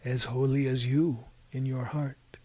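A man voicing a weary sea captain who answers questions with calm, enigmatic replies, in an audiobook reading. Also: mid-range voice, measured pace, breathy edge, no room sound.

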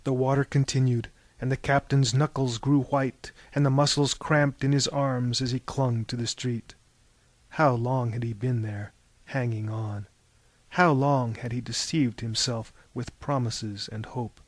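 A man narrates a literary audiobook in a slow, measured, intense voice. His pitch sits in a middle range. The recording is dry and close-miked. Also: steady tone, no room sound.

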